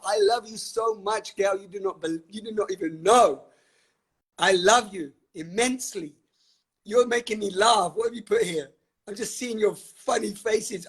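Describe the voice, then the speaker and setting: Over a webcam or phone on a live stream, a man with a high voice, fairly bright tone, and breathy edge runs a passionate session. He's emphatic and fiery, laughing a lot and cursing without restraint.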